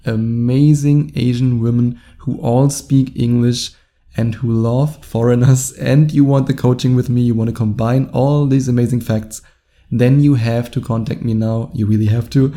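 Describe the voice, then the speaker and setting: A man's voice: medium pitch, warm tone. A man with a German accent, a dating coach talking in a casual, rambling monologue and laughing between phrases.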